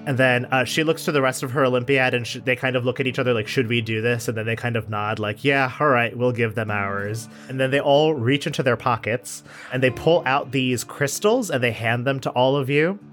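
Relaxed man narrating a tabletop game. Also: medium pitch, brisk, hardly any pauses, faint music behind. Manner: relaxed storyteller with filler words. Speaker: dungeon master.

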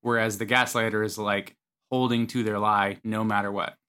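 A man with a bright, forceful tone co-hosting a relaxed podcast. He lays out his points in an explanatory way and teases his co-host now and then. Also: lowish voice, normal speed, clear, resonant tone. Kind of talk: casual podcast chat.

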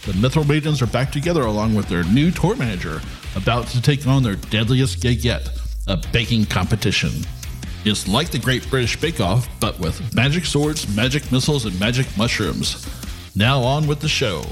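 A man's voice: medium pitch, lively intonation, moderate pace, faint music behind. A man giving a punchy, playful intro for a tabletop game podcast. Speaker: podcast co-host and player. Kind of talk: energetic show intro.

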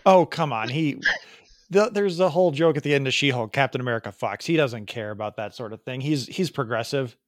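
A man's voice: mid-range voice, fairly quick, no echo, clean studio sound. A man co-hosting a podcast, chatting casually and rambling through jokes about films. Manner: rambling, joking. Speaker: podcast co-host. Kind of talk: casual chat.

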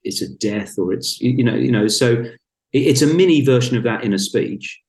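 A man's voice: mid-range voice, brisk, a little mellow. A man in his fifties, a guest in a casual podcast conversation, talking with wry, blunt, self-mocking humor. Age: 50s. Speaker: podcast guest, speaker and author. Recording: roomy echo.

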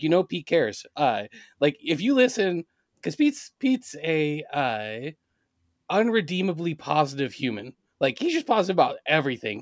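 A man co-hosting a podcast, chatting casually about sports as an animated storyteller with quick asides. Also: medium pitch, no echo, studio quality. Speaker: podcast co-host.

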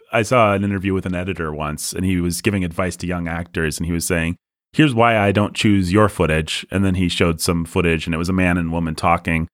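A man with a low, dark voice co-hosts a casual film podcast. He talks in an easygoing, animated way and drops into playful voices now and then. The sound is close and dry. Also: no echo. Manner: animated storyteller, slips into voices. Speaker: podcast co-host.

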